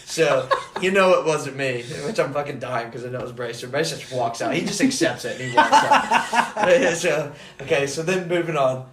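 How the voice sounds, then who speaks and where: Young male co-host, animated, laughing storyteller, mic in a roomy space. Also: a little high, moderate pace, hardly any pauses. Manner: animated, swears constantly, laughs while telling. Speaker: podcast co-host. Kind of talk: casual storytelling, profane. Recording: roomy echo, faint noise.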